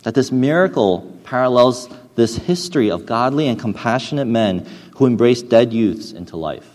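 A man's voice: animated, moderate pace. Man preaching in a reverberant hall. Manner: earnest, hesitant with frequent restarts, drops soft and low for stories. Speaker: pastor. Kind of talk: sermon.

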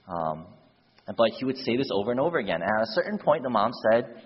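Preacher guy telling a story in his sermon, husky voice, lots of "like", big hall reverb. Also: medium pitch, fast talker. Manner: animated storyteller, shifts voices for characters, filler words like "like". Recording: dull lo-fi sound, long hall reverb.

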